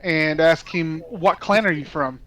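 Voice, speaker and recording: A man's voice: fairly high pitch, unhurried, fairly bright tone, rough recording. A man playing a tabletop role-playing game, answering in character in a direct, matter-of-fact way. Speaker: player. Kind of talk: casual tabletop play.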